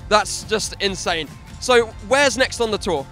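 A man's voice: high voice, expressive, a bit bright, faint music behind. A young man presenting for student TV, upbeat and joking as he interviews people at an outdoor festival. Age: young adult. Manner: upbeat, joking, quick banter. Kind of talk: roving interviewer.

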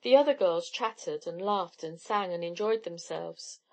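A woman reading a novel aloud in steady, expressive storytelling. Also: on the low side, normal speed. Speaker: audiobook narrator. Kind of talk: scripted narration.

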